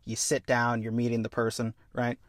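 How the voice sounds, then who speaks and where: A man hosting a podcast, animatedly pitching a film story and acting out scenes. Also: no echo, studio quality. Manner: animated, acts out scenes in quick voices. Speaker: podcast host. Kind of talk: casual pitch of a story idea.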